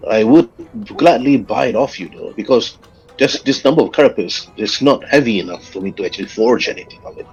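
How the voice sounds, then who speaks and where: A man voicing a burly, blunt male blacksmith who is also a butcher, talking with drawn-out pauses and sudden pitch jumps. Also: big pitch swings, creaky, darkish tone, breathy edge, muffled recording, faint music behind, exaggerated voice. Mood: gruff.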